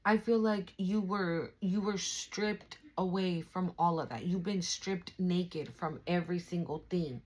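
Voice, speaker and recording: A woman's voice: fairly low pitch, a little slow, few pauses, a little mellow, poor audio. A young adult woman giving a casual spiritual card reading, chatty and affirming, with fillers and swearing. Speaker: tarot reader.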